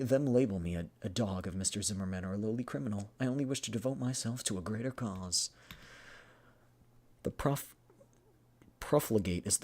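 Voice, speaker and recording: A man playing an earnest young man from a video game who speaks in flowery, flattering lines, in live dubbing. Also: mid-range voice, breathy edge, pitched above the performer's own voice. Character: earnest young man, redeemed and eager to please.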